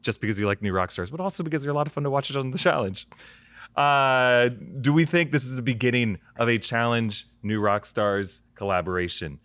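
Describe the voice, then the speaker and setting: A man co-hosting a casual pop-culture chat, jokey and quick to riff. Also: medium pitch, fairly bright tone, dry recording. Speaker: co-host.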